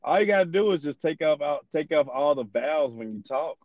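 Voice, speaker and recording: A man's voice: a little high, expressive, a little fast, darkish tone, no echo, dull audio. A young man hosting a podcast in casual chat, loose and profane, rambling through his stories. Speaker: podcast host.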